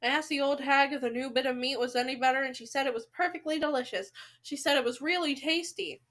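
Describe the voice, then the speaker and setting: A woman reading aloud gives voice to a cocky male waiter with a sly, boastful edge. The voice stays high and light, like someone sharing gossip with the boys. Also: steady tone, quick pace, fairly bright tone. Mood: smug.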